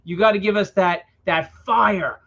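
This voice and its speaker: A man's voice: high voice, unhurried, creaky, fairly bright tone. A man hosting a live launch stream, chatting casually and encouraging viewers. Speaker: livestream host. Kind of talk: casual promotional chat. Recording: dull lo-fi stream audio.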